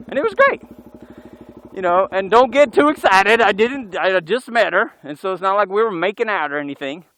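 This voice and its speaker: A man's voice: high-pitched, expressive, fairly quick, bright, forceful tone, low-quality recording. A man casually telling a rambling story while riding a motorcycle on a forest trail, correcting himself as he goes, recorded on a helmet camera. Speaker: motovlogger. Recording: engine and wind noise. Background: motorcycle engine noise.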